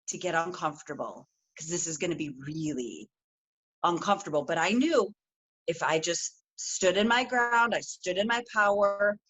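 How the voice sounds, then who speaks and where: Woman, middle-aged, podcast guest, earnest, animated, quotes people in her story. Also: medium pitch. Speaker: podcast guest, empowerment coach. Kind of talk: casual interview chat.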